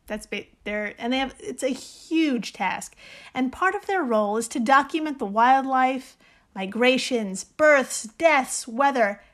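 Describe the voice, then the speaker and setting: Woman podcast host, casual chat, enthusiastic, swears freely, slightly high voice. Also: expressive, a little slow, fairly bright tone.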